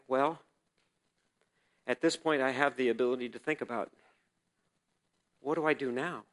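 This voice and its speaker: A man preaching a personal testimony as a sermon, telling the story vividly and swinging between loud and hushed delivery. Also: a little high.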